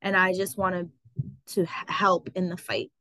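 A woman telling her story as an interview guest, animated and full of fillers like "like" and "um". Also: on the low side, unhurried, no echo, rough recording. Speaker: guest, travel business owner. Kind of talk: casual interview.

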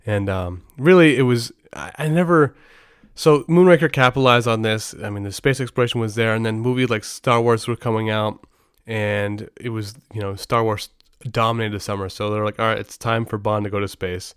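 A man's voice: fairly low pitch, moderate pace, clean tone, no room sound, studio quality. Brief: middle-aged male podcast host, casual and rambling, clean resonant voice. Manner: rambling, many restarts and asides.

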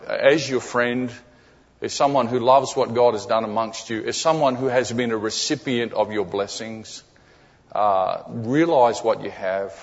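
A man preaching a sermon in a church as a guest speaker. He keeps it conversational, checks in with the congregation often, and repeats key phrases for emphasis. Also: on the low side. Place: church sanctuary. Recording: echoey hall, dull lo-fi sound.

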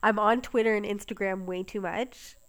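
A woman's voice: mid-range voice, fairly even intonation, moderate pace, fairly bright tone, clear, resonant tone. Chatty laughing woman co-host. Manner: chatty, laughs often, swears casually. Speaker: podcast co-host. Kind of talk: casual chat.

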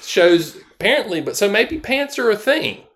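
Lively, animated male podcast co-host. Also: normal speed, slight background noise. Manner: animated storytelling, jumps high when quoting people. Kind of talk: casual chat.

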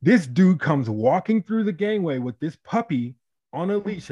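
A married man from Chicago telling a story in a casual podcast chat, animated and profane, acting out the people in it. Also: sits high, unhurried, slightly rough, lo-fi sound. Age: adult, married. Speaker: podcast co-host.

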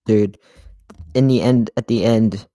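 A man's voice: on the low side, fairly even intonation, unhurried, mellow, no room sound. A man co-hosting a podcast, chatting casually about a film in a laid-back way and often tacking on "dude" and "you know". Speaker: podcast co-host.

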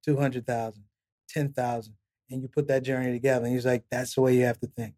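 At medium pitch and a quick pace, a middle-aged man, a comedian guesting on a podcast, tells long stories in a casual interview. He's animated, acting out those he quotes and laughing throughout.

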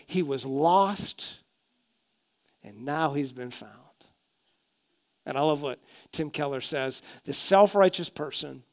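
A male pastor preaching a sermon, telling stories expressively, dropping to a hush and then rising loud. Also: high-pitched.

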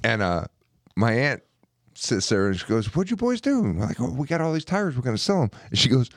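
Lively swearing man telling stories. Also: fairly quick, no room sound, clean studio sound. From New Jersey. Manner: loud storytelling, swears constantly, lively pitch swings. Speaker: podcast co-host. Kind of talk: casual profane banter.

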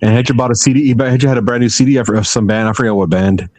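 Man, quick profane banter, dry close sound, teasing tone. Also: medium pitch, fairly even intonation, darkish tone, no echo. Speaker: podcast co-host. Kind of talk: casual banter.

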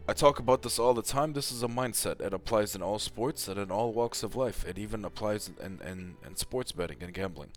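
A man's voice: lowish voice, brisk, hardly any pauses, faint music behind. A man giving a casual, heated rant with lots of swearing and emphatic repetition, as a tennis commentator.

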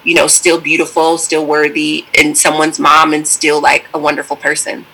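A woman's voice: low-pitched, monotone, normal speed, pushed and bright, slightly rough, low-quality recording. A woman guest speaking earnestly in a casual interview, emphatic and full of "like" fillers.

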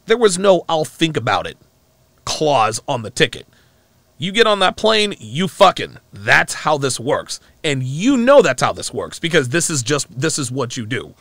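Emphatic mocking male commentator, gravelly. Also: big pitch swings, normal speed, fairly bright tone, no echo. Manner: emphatic, mocking, profane, swings pitch for emphasis. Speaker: reaction commentator. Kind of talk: reaction commentary on a clip.

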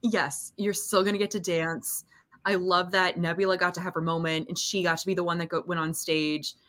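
A woman's voice: lowish voice, flat delivery, fairly quick, fairly bright tone. A woman co-hosting a podcast, chatting casually about a movie and acting out scenes in a playful way. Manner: playful, acts out scenes in quotes. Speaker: podcast co-host. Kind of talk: casual movie recap chat.

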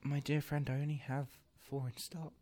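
An accommodating male barkeep in a fantasy tavern, speaking in a voice, as a man plays him. He has a fairly high pitch and a warm, welcoming manner. He is happy to serve his guests in a tabletop game. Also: little pitch movement, moderate pace, natural voice. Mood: obliging.

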